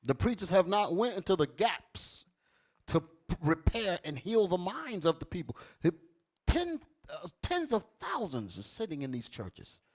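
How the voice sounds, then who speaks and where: A fiery male preacher with a fairly high voice that leaps all over the place. He commands a reader to read and then drives each verse home, dropping low and quiet, then rising loud and high. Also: big pitch swings, a little slow. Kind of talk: street sermon with scripture reading.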